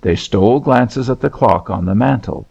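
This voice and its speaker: A man narrating a novel in a measured, expressive storytelling manner. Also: mid-range voice, vocal fry, breathy edge. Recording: dull lo-fi recording.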